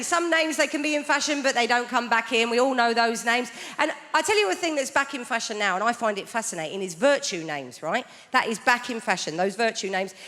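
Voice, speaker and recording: A woman performing stand-up in a high voice that rises and falls in a lively way. she talks wryly and conversationally, hooking the audience with little tag questions. a long hall reverb trails her words, with loud crowd noise underneath. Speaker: stand-up comedian. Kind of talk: stand-up comedy monologue. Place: large theatre stage before a live audience.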